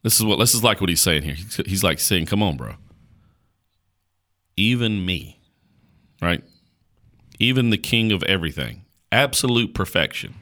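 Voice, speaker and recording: A man's voice: deep voice, lively intonation, brisk, sharp tone. A male podcast host preaching on a Bible passage in an emphatic, repetitive, colloquial way.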